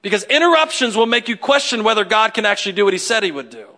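A man preaching a sermon in a conversational, animated way, acting out the people in his stories. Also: sits high, fast talker. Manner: animated, conversational, acts out quotes. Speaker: pastor.

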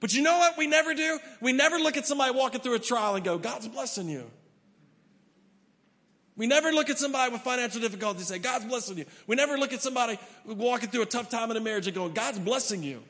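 Guy pastor preaching, high voice, loud then quiet, big echoey church. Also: racing, hardly any pauses. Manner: emphatic, swings from loud to hushed. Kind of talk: sermon. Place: church hall. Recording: long hall reverb.

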